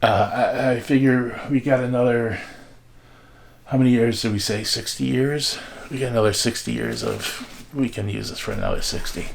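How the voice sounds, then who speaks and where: An older man with a gravelly voice, rambling casually through old newspapers with many fillers and asides. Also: mid-range voice, fairly even intonation, normal speed, a little hiss or hum. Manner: meandering, chatty, many fillers. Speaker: vlogger reading old newspapers. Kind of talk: casual rambling show-and-tell.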